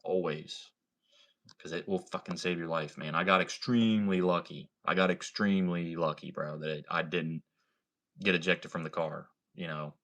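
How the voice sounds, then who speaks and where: A man's voice: deep voice, fairly even intonation, moderate pace, a bit bright. A young man from Ohio with a slight country accent, chatting casually on a livestream, laid-back and swearing freely. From Ohio, USA. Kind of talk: casual livestream chat reading comments.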